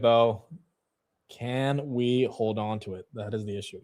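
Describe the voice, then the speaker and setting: A man hosting a casual market livestream, excitable and joking, often jumping loud and quick. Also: mid-range voice. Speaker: livestream host.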